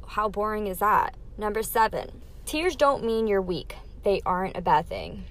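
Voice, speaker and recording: On her podcast, a young adult woman runs through a numbered list of life lessons, candid, casual and emphatic. Her voice is medium-pitched, animated and fairly bright, at a moderate pace.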